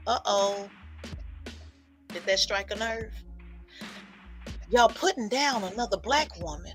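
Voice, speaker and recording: A woman's voice: a little high, gravelly, sharp tone. A woman political commentator giving an emphatic, preachy livestream monologue and repeating lines for effect. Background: faint music.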